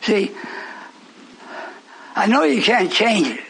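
High-pitched preacher. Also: male voice, big pitch swings, slow pace, creaky, breathy edge, low-quality recording. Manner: shouting, scolding, then joking with the congregation. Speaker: pastor. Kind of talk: fiery preaching.

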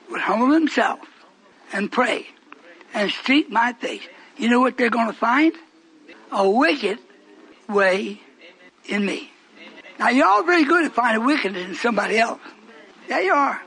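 High, bright-voiced man preaching fervently. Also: animated, measured pace, creaky, pauses often, husky, poor audio. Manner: swings from low murmurs to high shouted preaching. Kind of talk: fiery sermon.

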